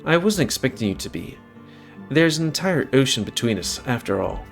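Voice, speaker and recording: A man voicing a kindly elderly grandfather who paints, speaking in a formal, genteel, unhurried way. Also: medium pitch, sing-song, gravelly, soft background music. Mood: fond.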